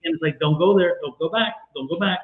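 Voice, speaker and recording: A fairly high-pitched man talks fast while co-hosting a tarot livestream and giving a reading, chatty, repetitive, and quick to laugh. The livestream call audio sounds echoey, tinny, and phone-like.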